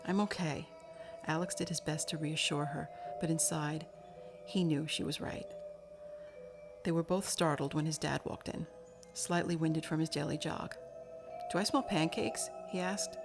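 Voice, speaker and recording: A woman narrating a novel chapter in a steady, measured reading voice. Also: deep voice. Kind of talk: storybook narration.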